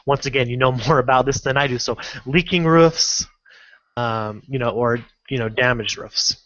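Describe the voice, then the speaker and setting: A man's voice: mid-range voice, fairly bright tone, no echo. Casual man with dull lo-fi audio. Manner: casual, halting, many fillers and restarts. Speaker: online marketing instructor. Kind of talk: screen-recorded tutorial walkthrough.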